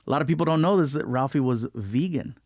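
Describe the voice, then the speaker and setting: A man of middle pitch talks casually as an interview guest. He tells stories with relaxed energy and readily drops into impressions. The sound is close and dry. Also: quick pace, no echo. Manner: storytelling, lively, breaks into voices. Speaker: guest comedian.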